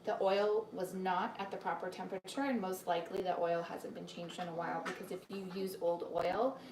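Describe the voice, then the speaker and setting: A woman's voice: lowish voice, steady tone, fairly quick, echoey room, far from the mic, noisy background. A woman hosting a live cooking demonstration from her home kitchen, chatting to viewers and greeting them by name as she explains each step. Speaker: cooking demo host and cookbook author.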